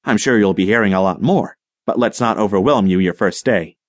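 A man's voice: on the low side, fairly quick, no echo, natural voice. A man voicing a grandiloquent, professorial older colony leader who talks in a rhetorical, dramatic way.

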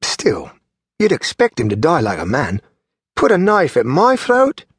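A man's voice: a little high, huge pitch swings, a little slow, husky, no room sound, clean studio sound, voice pushed up, heavily acted. A man doing a crude, boastful street thug. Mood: sneering. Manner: coarse, sneering and boastful.

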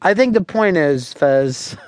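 A man hosts a comedic radio talk show, his voice a touch higher than most and recorded close and dry in the studio. He teases and mocks his partner in a sarcastic, playful way. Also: lively intonation, slow pace, no echo. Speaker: radio host. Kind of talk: comedic radio talk, riffing and role-playing. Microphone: studio mic.

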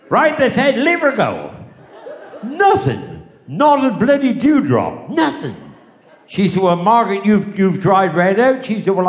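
An older man with a West Country accent telling rambling, bawdy stand-up stories on a live stage, full of "I said, she said.". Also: high-pitched. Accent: West Country English. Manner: rambling bawdy yarn-spinning with repeated "I said, she said". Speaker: stand-up comedian.

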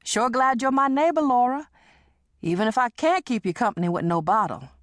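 A woman's voice: a little high, expressive, a little fast, no room sound, clean studio sound, natural voice. A woman reading an audiobook and voicing a lonesome, weary middle-aged woman who talks in a plaintive, resigned way.

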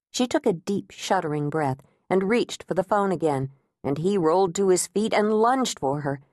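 Woman narrator, somewhat low, close dry studio recording, wry storytelling. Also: no echo. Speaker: audiobook narrator. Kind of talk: scripted narration.

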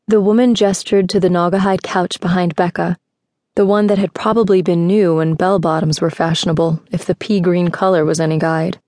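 A woman reads a novel aloud in steady, even narration, her voice sitting on the low side. The studio recording is close and dry. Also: normal speed, no echo. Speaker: audiobook narrator. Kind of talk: scripted narration.

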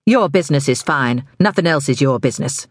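A woman's voice: low-pitched, expressive, fairly quick, husky, no echo, studio quality. A woman voicing a ruthless, impatient crime boss who gives clipped, commanding orders in an audiobook. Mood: brisk.

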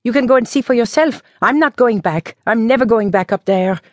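A woman voicing a panicked, gossipy French village woman of sixty-two in an audiobook, with shrill, frantic outbursts. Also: a little fast, dry recording, clean studio sound, lightly acted.

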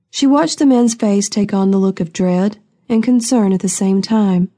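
Woman, audiobook narration, steady reading, mellow warm tone, mid pitch. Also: moderate pace, few pauses. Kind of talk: scripted narration.

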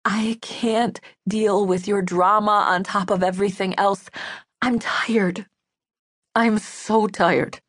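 Slow and fairly even in intonation, this woman's mid-range voice brings to life an audiobook's bitter, grieving middle-aged mother. The character scolds and mocks in an angry, clipped manner, recorded dry with no room sound.

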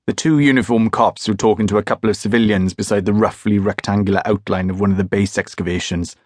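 Low-voiced man narrating a crime novel. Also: fairly even intonation, fast, a little mellow, dry recording, clean studio sound. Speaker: audiobook narrator. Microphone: close studio mic.

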